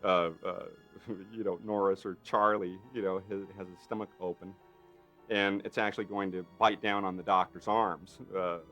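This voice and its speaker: A man, a special effects artist, telling lively stories in an interview, acting out the quotes and tagging lines with "right?". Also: sits low, normal speed, faint music behind. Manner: lively storyteller who acts out quotes; frequent fillers and tag questions. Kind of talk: anecdotal interview.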